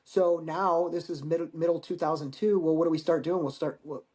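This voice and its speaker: Veteran guy telling stories, swears a lot, acts out dialogue, kinda high voice. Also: moderate pace. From United States. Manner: profane, animated storyteller acting out dialogue. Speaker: guest, Marine veteran. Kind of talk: casual storytelling interview.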